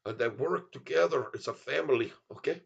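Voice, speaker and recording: Give me a man voicing an earnest Indian-accented man, lecturing, with a gravelly edge. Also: mid-range voice, fairly quick. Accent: Indian English, put on. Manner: insistent, repeats "very". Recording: dull lo-fi sound.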